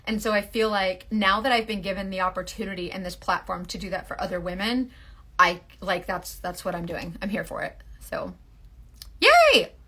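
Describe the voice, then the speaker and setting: A woman in her forties chatting casually on a livestream, answering viewer questions about makeup, rambling with fillers and bursts of excitement. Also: mid-range voice, fairly quick, slightly rough. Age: 40s.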